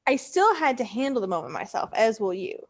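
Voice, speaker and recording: A woman's voice: a little high, very animated, brisk. A woman co-hosting a casual podcast chat, reassuring and giving short replies. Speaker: podcast co-host.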